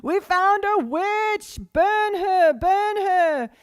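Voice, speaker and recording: A woman playing a mob of excited medieval village men, yelling in a shrill voice. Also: extremely slow, no echo, studio quality, exaggerated voice. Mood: shouting.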